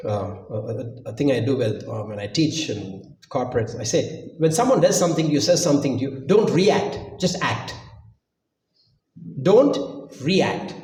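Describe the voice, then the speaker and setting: A man preaching a sermon, telling stories and driving points home with emphatic repetition. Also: a little high. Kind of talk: sermon with storytelling. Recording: echoey room, voice from far off.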